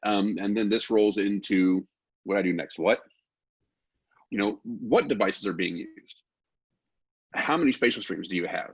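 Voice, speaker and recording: A man from Texas, a guest expert, explaining technical matters in a relaxed, informal way and asking rhetorical questions. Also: on the low side, a little slow, pauses often, husky, lo-fi sound.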